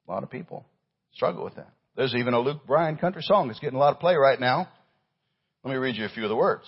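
Husky-voiced preacher, emphatic and dynamic. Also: male voice, fast, highs cut off. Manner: emphatic, swinging between loud stress and hushed low phrases. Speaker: pastor. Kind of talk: sermon.

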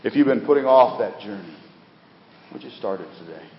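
A middle-aged man preaching a sermon in a church, swinging from loud, rising appeals to quiet, dropped phrase endings. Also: fairly low pitch, lively intonation, fairly quick, big-room sound, highs cut off. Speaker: pastor. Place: church sanctuary.

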